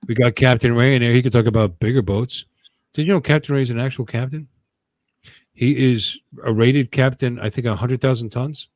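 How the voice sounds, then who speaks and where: A man's voice: medium pitch, fairly quick, no room sound. A man hosting a casual livestream chat from home, rambling and joking, often stopping himself mid-sentence. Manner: rambling, jokey, self-interrupting. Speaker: host.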